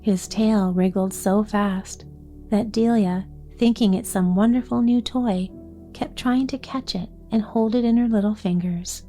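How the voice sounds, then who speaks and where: A woman reading a chapter book aloud in a calm, gentle bedtime story reading. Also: mid-range voice, a little slow, faint music behind.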